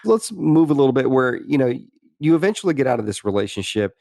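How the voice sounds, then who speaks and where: Quick, very animated, and gravelly yet mellow, this medium-pitched man hosts a podcast recorded in a clean studio with no echo. He reflects on personal stories in an interview setting, frequently restarting sentences and dropping "you know."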